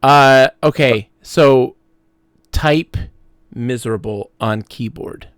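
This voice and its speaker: A man's voice: mid-range voice, slow pace, clean tone, dry recording, clean studio sound. A man chatting casually and joking while playing a game on a live stream. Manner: jokey, easily laughing, rambling. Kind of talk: casual joking chat during a gameplay stream.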